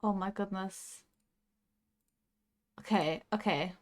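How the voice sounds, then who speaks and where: A woman's voice: medium pitch, slow pace. A young woman streaming a game live, coaching herself through tense moves and chatting back to her viewers. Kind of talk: casual live gaming stream.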